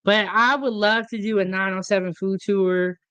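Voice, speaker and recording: A woman's voice: medium pitch, steady tone, moderate pace, fairly bright tone, smooth, no room sound, dull audio. A woman from the United States hosting a casual chat, friendly and curious and full of questions. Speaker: host.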